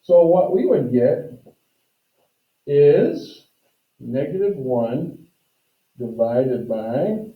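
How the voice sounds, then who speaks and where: A man's voice: mid-range voice, sing-song, extremely slow, pauses often. A male math teacher lectures to his class, walking through each step and speaking straight to the students. He is picked up from a distance in a roomy classroom, and the recording sounds dull and muffled. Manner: explains step by step, addresses students directly.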